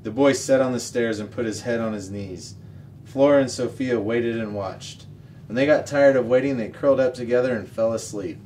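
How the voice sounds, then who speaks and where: A man reading a children's novel aloud as the show's regular reader, steady and expressive. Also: mid-range voice, moderate pace. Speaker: story reader. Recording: distant mic, faint noise.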